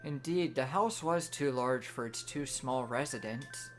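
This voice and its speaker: A woman streamer reading a storybook aloud in a gentle, measured bedtime manner. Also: extremely low pitch, faint music behind.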